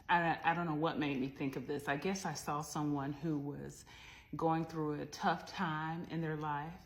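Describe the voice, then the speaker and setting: A middle-aged woman tells a personal story in a heartfelt, reflective way, adding asides as she goes. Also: deep voice. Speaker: vlogger.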